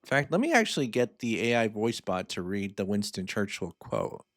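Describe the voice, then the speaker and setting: A man's voice: fairly low pitch, big pitch swings, moderate pace, fairly bright tone, no echo, clean studio sound. A man hosting a personal finance channel, talking casually with lots of asides while he walks through a spreadsheet. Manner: chatty and informal, lots of fillers and asides. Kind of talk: casual explainer.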